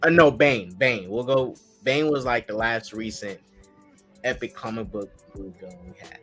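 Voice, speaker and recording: A man co-hosting a casual TV review chat, talking with excited energy and stumbling over his own restarts. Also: mid-range voice, moderate pace, soft background music. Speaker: podcast host. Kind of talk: casual group chat about TV.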